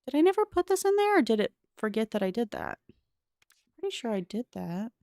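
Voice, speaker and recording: A woman's voice: fairly high pitch, very animated, a little fast, dark tone, dry recording, studio quality. A young woman streaming a cozy game, chatting with viewers and thinking aloud in a curious, talkative way. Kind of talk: casual gameplay commentary.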